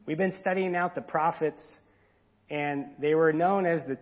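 A man preaching a sermon in a conversational way, now and then acting out quoted voices louder and higher. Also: fairly even intonation, moderate pace, dull audio. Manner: conversational, acts out quoted voices with rising pitch and volume. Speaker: pastor.

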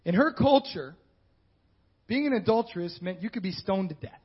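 A man's voice: high voice, animated, normal speed, slightly rough. A male pastor preaching a sermon in a conversational style with joking asides. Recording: dull lo-fi sound.

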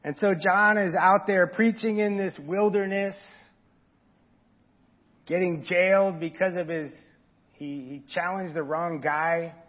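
A man's voice: high-pitched, steady tone, slow, long pauses, muffled recording. A man preaching an informal, earnest sermon and talking straight to his congregation. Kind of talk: conversational sermon.

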